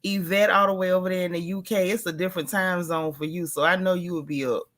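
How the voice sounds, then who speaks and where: A woman's voice: lowish voice, fairly even intonation, quick pace, fairly bright tone. A woman hosting a casual early-morning livestream, talking in a half-whisper, a little tired after a migraine and greeting viewers by name. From Texas. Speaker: livestream host.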